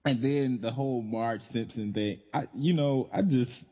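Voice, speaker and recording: A man's voice: mid-range voice, unhurried, mellow. A man co-hosting a podcast in casual chat, laughing easily and talking with enthusiasm. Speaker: podcast co-host. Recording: dull lo-fi sound with long reverb.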